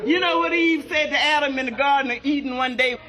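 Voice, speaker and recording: Brash woman comedian, high bright voice, bawdy stand-up delivery. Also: some chatter behind. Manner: brassy, shouting punchlines, drawn-out delivery. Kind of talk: bawdy stand-up joke telling.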